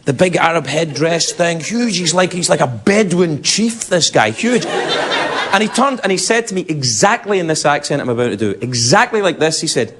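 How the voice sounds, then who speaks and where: Lively Scottish man telling a comic story. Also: on the high side, normal speed. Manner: animated, rambling storyteller who laughs through his lines. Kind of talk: comic anecdote. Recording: live studio with audience laughter and noise. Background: studio audience.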